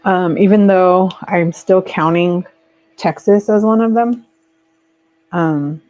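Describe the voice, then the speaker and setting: A woman's voice: fairly low pitch, slow. A woman hosting a casual live stream, chatting lazily while she crafts and reads viewer comments aloud. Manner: relaxed and lazy, trailing off with fillers. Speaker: livestream host. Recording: dull lo-fi stream audio.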